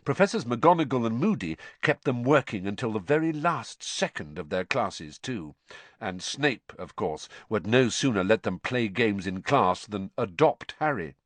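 Male audiobook narrator, lively melodic reading, dry close sound. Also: lowish voice, normal speed, no room sound. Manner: expressive, animated. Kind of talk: storybook narration.

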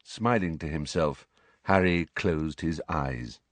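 A man's voice: extremely low pitch, slow, no room sound. A man narrating a storybook audiobook expressively and voicing every character himself. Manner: expressive, plays all characters.

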